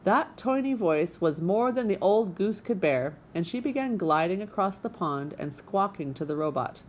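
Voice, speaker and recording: A woman reading a children's book aloud with expressive storytelling. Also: fairly low pitch, normal speed, poor audio. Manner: expressive storytelling, voicing characters. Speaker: narrator.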